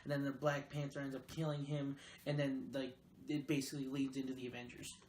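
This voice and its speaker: A man's voice: medium pitch, little pitch movement, fairly quick, a little mellow. A young man hosting a casual chat, rambling through movie plots, swearing a lot and hedging with "like". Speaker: host. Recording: roomy echo, faint noise.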